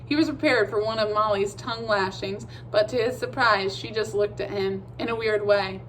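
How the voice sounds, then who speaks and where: A woman narrating a children's chapter book with a steady, measured reading. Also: medium pitch, slight background noise, rough recording. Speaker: audiobook reader. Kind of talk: storybook narration.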